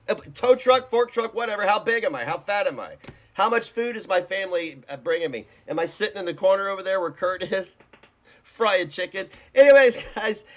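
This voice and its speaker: A man hosting a reaction video, giving casual commentary in a rambling, blunt and mocking way. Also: high voice.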